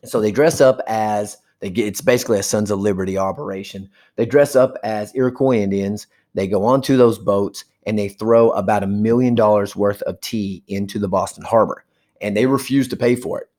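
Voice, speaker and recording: A history teacher with a voice on the low side and a little mellow gives a casual lecture. He is chatty and briefly acts out historical figures in quick asides.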